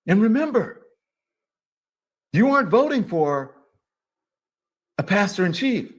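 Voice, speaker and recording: A man's voice: sits high, very animated, takes it slowly, long pauses, breathy edge. A man giving a sarcastic monologue as a political commentator, piling up rhetorical questions. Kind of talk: ranting monologue to camera.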